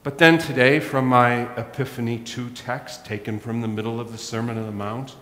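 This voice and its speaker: A middle-aged pastor preaching a sermon, telling a self-mocking story. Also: male voice, medium pitch, fairly even intonation, normal speed, sharp tone. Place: church. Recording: echoey church hall.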